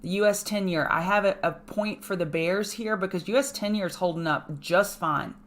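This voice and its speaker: A woman hosting a live trading show, walking viewers through charts in a brisk, emphatic way with chatty asides. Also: mid-range voice. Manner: brisk, emphatic, repeats key points. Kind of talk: live market chart analysis.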